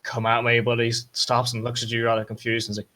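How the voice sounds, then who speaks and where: A man acting as game master, narrating a tabletop role-playing scene, often pausing and restarting. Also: mid-range voice, monotone, pushed and bright. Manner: hesitant, lots of fillers and restarts.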